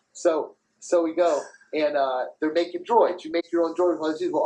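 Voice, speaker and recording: A man in his thirties hosting a podcast, telling profane, animated anecdotes in casual chat and laughing as he goes. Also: a little high, poor audio. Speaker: podcast host.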